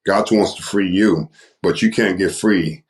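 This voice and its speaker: An older man with a very deep, low voice tells his story as a guest on a podcast. He talks like a preacher, repeating phrases for emphasis. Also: a little slow. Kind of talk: testimony in a podcast interview.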